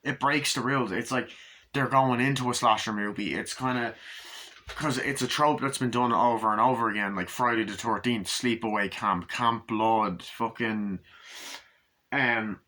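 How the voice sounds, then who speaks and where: A man talks through a film in a loose, rambling way, swearing offhandedly. His voice sits at an ordinary middle pitch but has a bright, forceful edge. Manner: rambling, retells scenes with quick put-on voices, casual swearing. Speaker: movie reviewer. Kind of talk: casual spoken movie review.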